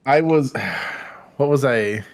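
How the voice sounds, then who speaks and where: Male podcast co-host, mid-range voice, animated and filler-heavy brainstorming. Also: mid-range voice, extremely slow. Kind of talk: casual chat.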